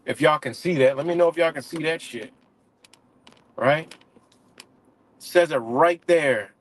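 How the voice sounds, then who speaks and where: A livestream host with a slightly high voice, speaking a little slowly, rants heatedly and profanely on a casual stream, with lots of fillers and restarts.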